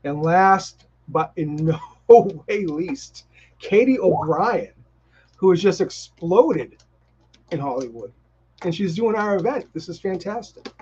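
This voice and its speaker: A man's voice: high-pitched, lively intonation, takes it slowly, a little mellow, a little hiss or hum. A man with a Boston accent co-hosting a casual live stream, talking eagerly and restarting his sentences often. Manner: enthusiastic, rambling with restarts. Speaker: co-host. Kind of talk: casual chat. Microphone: video call. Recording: dull lo-fi stream audio.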